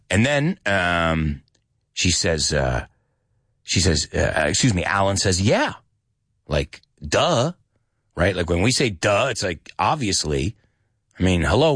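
A man teaching English with movie scenes, acting out lines in a lively voice and adding short glosses. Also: no room sound, studio quality. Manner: lively, acts out quoted lines in higher pitch, mixes in Spanish glosses.

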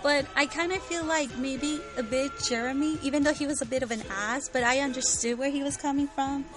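A woman's voice: high voice, fairly even intonation, brisk, music in the background, rough recording. A bubbly, giggly woman co-hosting a podcast, chatting casually about a book series and reading out listener comments. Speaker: podcast co-host.

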